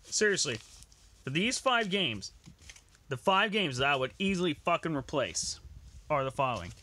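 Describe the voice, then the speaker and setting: A man's voice: fairly high pitch, very animated, normal speed, sharp tone, slight background noise. Angry swearing young man ranting. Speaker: gaming vlogger. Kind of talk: ranting reaction video.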